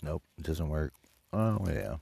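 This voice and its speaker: A man's voice: rumbling low, expressive, unhurried, creaky, dark tone, breathy edge, no echo. A man from Detroit hosting a crude, rambling solo radio show, cursing and mock-insulting his listeners as he talks. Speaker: radio host.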